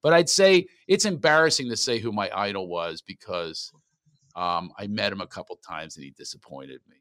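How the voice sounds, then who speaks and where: A man with a bright, forceful voice in the middle of the pitch range, chatting in an interview. He tells stories with lots of energy and laughs often. The sound is dry and close. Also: moderate pace, dry recording. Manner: animated storyteller, laughs often. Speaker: comedian and coach. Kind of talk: casual interview chat.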